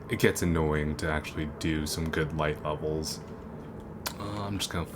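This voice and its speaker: Over game music and a noisy background, a gaming video creator with a low voice rambles through casual commentary as he plays, his talk packed with fillers, restarts and self-corrections.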